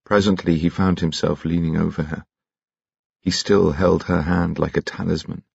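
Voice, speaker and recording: Deep, gravelly male audiobook narrator. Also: flat delivery, moderate pace, no echo, dull audio. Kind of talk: scripted narration.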